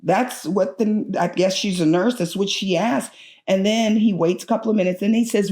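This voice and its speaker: A middle-aged woman, a patient's mother, recounts a personal story in an anxious, animated way and acts out other people's lines. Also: mid-range voice, moderate pace. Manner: anxious and urgent, frequent restarts.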